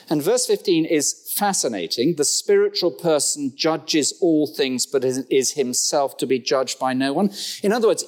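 A middle-aged man preaches in a church, with wry humor and a voice that leaps up for emphasis before dropping back down. His pace swings between quick asides and slow, weighty lines. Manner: lively, humorous asides and sudden pitch jumps. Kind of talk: sermon.

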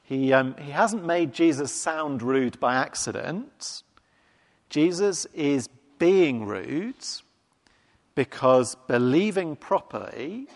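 A man preaching a sermon in a conversational, wry, emphatic way. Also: mid-range voice. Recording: long hall reverb.

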